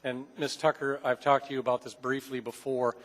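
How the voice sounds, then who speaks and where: A man's voice: medium pitch, flat delivery, fairly quick, a bit bright, in a large hall, poor audio. Long-winded man debating in a council chamber. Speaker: assembly member. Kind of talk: public meeting debate.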